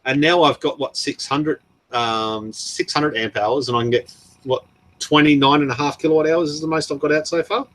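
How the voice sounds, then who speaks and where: An Australian man hosts a casual livestream, reading comments and rambling and laughing as he answers viewers. His voice is a little high and a bit bright, at a moderate pace.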